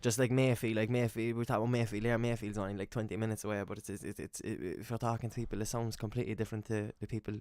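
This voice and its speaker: A man's voice: lowish voice, level tone, rapid-fire, hardly any pauses, a little mellow, clean tone, no room sound. A young man with a Cork Irish accent hosting a podcast, playful and swearing in casual chat. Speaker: podcast host. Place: bedroom.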